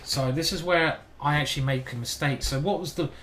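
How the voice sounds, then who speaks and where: A man's voice: fairly high pitch, fairly quick, a bit bright, a little hiss or hum. A man giving casual live-stream chess commentary, thinking aloud and chatting with his viewers. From United Kingdom.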